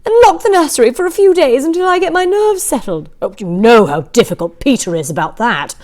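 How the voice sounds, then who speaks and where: A woman's voice: high voice, animated, fairly quick, a little mellow. A woman reading a story aloud, voicing a frightened, tearful housewife who pleads near tears. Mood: frightened pleading.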